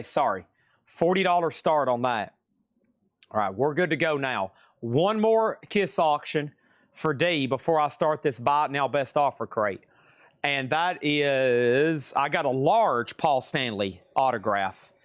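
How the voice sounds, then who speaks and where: Southern guy running a live record sale stream, kinda high voice, dry close sound, rambles and corrects himself a lot. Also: dry recording. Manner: chatty, rambling, self-correcting. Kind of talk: casual live sales patter.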